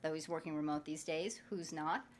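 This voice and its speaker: A woman's voice: low-pitched, normal speed. A woman hosting a podcast interview, chatty and upbeat, introducing her guest with light jokes. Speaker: podcast host.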